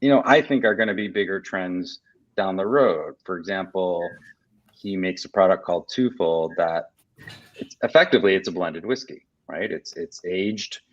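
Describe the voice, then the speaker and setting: Low-voiced man, relaxed and rambling. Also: normal speed, dry recording, muffled recording. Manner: relaxed, rambling with many fillers and restarts. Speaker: guest, whiskey portfolio director. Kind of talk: casual video-call interview.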